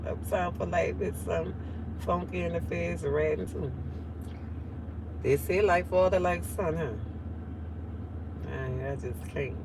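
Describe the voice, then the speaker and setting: A woman's voice: lowish voice, slow pace, long pauses, noisy background. A nasal-voiced woman with a New Orleans accent chatting casually on a livestream, reading out viewer comments in a drawling way. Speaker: livestream host.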